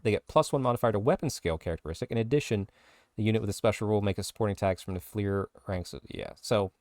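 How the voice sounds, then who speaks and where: A man's voice: lowish voice, fast talker, a little mellow, no echo, studio quality. A man co-hosting a casual podcast, rattling through lists of game rule changes. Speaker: podcast co-host. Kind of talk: casual podcast chat reading rules updates.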